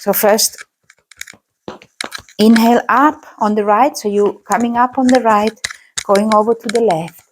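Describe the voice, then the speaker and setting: A woman teaching a qigong class, calmly guiding movements and breathing. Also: a little high, measured pace, pauses often, background noise. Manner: calm, guiding instructions. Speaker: qigong instructor.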